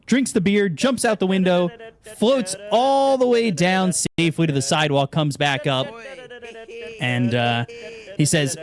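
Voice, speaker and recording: A man's voice: moderate pace, no room sound. A man co-casting an esports stream, chatting casually and telling long jokes with acted-out voices. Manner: animated, acts out joke characters with pitch jumps. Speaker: esports co-caster.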